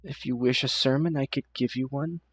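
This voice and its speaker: A man's voice: medium pitch, steady tone, brisk, breathy edge, dry recording, natural voice. A man voicing a proud female desert priestess who speaks in a formal, aloof way. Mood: cool, formal.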